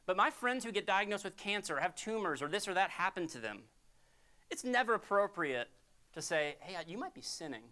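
A woman pastor giving a humorous, conversational sermon in an animated style. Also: medium pitch, brisk.

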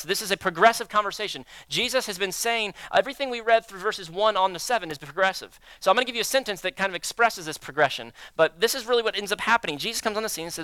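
Man, pastor, sermon, smooth clear voice, dry close sound, loud then hushed. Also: high voice, no echo. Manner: acts out prayers and inner dialogue with God; swings between loud emphasis and hushed, slow delivery.

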